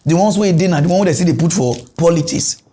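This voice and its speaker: A male comedy news host with a high-pitched voice and a Nigerian Pidgin English accent delivers a fast, satirical comedy monologue. He rants animatedly, switching between loud outbursts and low mutters.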